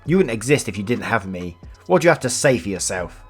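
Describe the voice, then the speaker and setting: A man's voice: on the low side, sing-song, fast, husky, soft background music. A man voicing a furious, abusive estranged father who screams down the phone. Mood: screaming.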